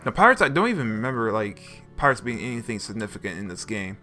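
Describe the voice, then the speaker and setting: A man's voice: fairly low pitch, sing-song, quick pace, few pauses, pushed and bright. A young man giving casual, joking let's play commentary as he reads the game text aloud and laughs often. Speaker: gaming YouTuber. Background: faint game music.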